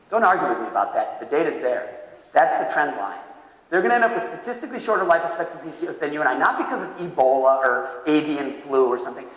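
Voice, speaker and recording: A man in his fifties delivers a keynote talk in a large hall, his fairly high voice bouncing around the room with heavy echo. He tells stories with animation, acting out other people's lines. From Massachusetts, USA. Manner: animated storyteller, acts out voices with big pitch jumps. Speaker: keynote speaker. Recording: echoey hall, heard from far off.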